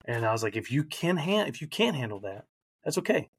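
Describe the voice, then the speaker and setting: A man's voice: mid-range voice, big pitch swings, fairly quick, a little hiss or hum. A man in his thirties, a podcast guest, candidly and reflectively telling a personal story, emotional at times.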